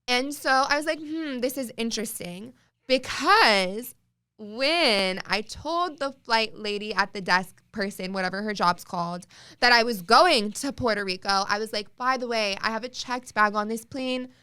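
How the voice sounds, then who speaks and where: Bright, chatty young woman podcaster. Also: mid-range voice, clean tone. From Chicago area. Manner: chatty, swears freely, heavy use of "like". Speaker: podcast host. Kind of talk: casual storytelling monologue.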